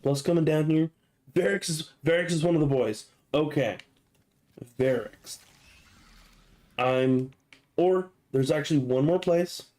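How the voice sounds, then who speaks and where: A young man riffs through a gaming video in loose, rambling commentary, full of swearing and jokes. His voice sits a touch higher than most men's, with a casual, offhand flow. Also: measured pace, long pauses, darkish tone. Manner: profane, joking, rambling.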